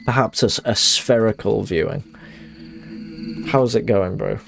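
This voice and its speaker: Brief: young guy, game streamer, somewhat low voice, rambly anecdotes that act out quotes. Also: unhurried, vocal fry, soft background music. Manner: rambling storyteller, acts out quotes. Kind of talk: casual chat while gaming.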